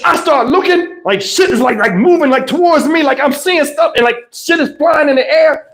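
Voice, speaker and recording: With a very high voice at a moderate pace, a New Jersey man running a livestream spins a childhood story in casual, slangy speech. He's animated, acts out the voices, and wears a wireless lapel mic.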